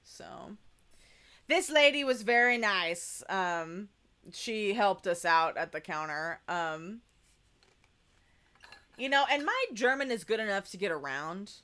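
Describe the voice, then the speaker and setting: Bright-voiced chatty young woman vlogger. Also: medium pitch, animated, slow pace, pauses often, smooth. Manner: chatty, rambling, filler-heavy. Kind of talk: casual travel vlog voice-over.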